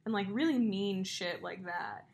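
A young woman co-hosting a casual podcast, spinning long stories full of "like" and "um". Her voice sits at a middle pitch and she talks in a loose, conversational way. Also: measured pace, creaky. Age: young adult. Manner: chatty storyteller, many fillers and likes. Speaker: podcast co-host. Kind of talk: casual chat.

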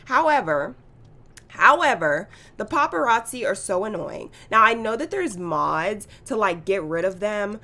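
A woman hosting a casual let's-play, chatting excitedly and reacting out loud to the game. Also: mid-range voice, normal speed, hardly any pauses. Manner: chatty, excitable, gasps and laughs at the action. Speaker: gaming channel host.

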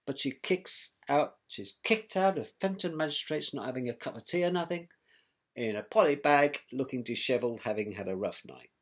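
Animated man telling a story. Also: mid-range voice, normal speed. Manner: animated, scornful, colloquial. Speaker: victim's brother recounting events. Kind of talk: personal storytelling.

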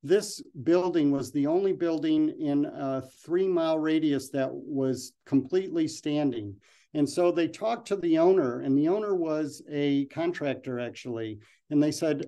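A man's voice: on the high side, measured pace, dark tone. A man giving a slide presentation and then answering questions, talking loosely with frequent ums and restarts.

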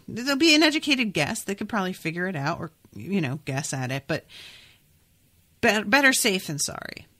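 A woman hosting a podcast, chatting casually about a book and reading passages aloud, thinking out loud with lots of fillers. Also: low-pitched. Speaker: podcast host.

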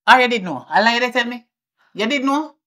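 A woman with a Jamaican accent playing a fierce mother who scolds her daughter, swinging between shouting and muttering. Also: fairly high pitch, animated, fairly quick. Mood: scolding. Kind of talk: indie film acting.

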